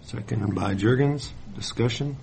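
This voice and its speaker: A man chairing a county board meeting, brisk and procedural with a dry sense of humor. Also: mid-range voice, gravelly, a little mellow, slight background noise. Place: public meeting room.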